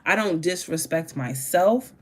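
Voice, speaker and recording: Doing a casual tarot reading, a woman rambles emphatically and swears freely, breaking into sudden laughs. Her voice is lowish and darkish in tone, animated but a little slow.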